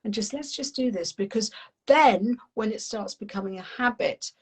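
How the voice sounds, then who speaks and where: A woman, a parenting coach, explaining calmly in an animated, friendly conversational way. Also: medium pitch, normal speed, slightly rough, rough recording. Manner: animated, acts out little voices, friendly teaching tone.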